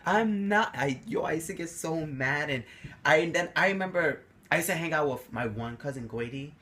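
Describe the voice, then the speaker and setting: Animated young man telling stories. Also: on the high side, brisk. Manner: animated, acts out quotes with a raised voice. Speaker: vlogger. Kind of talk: casual storytelling to camera.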